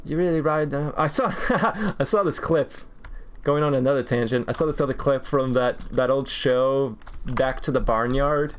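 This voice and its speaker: A man's voice: mid-range voice, moderate pace, a little hiss or hum. Rambling young man streaming while drawing. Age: 20s. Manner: rambling, jokey tangents, laughs often. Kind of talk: casual chat while drawing.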